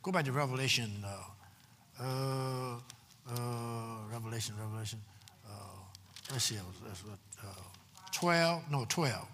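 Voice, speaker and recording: A man preaching a sermon, swinging from shouts to low murmurs and repeating lines for emphasis. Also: a little slow, a little hiss or hum. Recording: long hall reverb.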